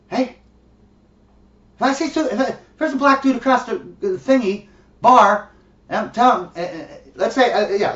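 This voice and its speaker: Blunt profane ranter in a roomy, distant recording. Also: mid-range voice. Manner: blunt, profane, mocking, laughs often. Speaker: vlogger. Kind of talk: ranting monologue. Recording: distant, roomy, dull lo-fi sound.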